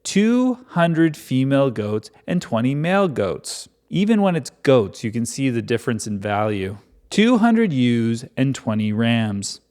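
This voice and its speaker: A man's voice: mid-range voice, big pitch swings, a little slow, a little mellow. A man reading a Bible chapter aloud and breaking off for casual, joking commentary. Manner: irreverent, joking asides between readings.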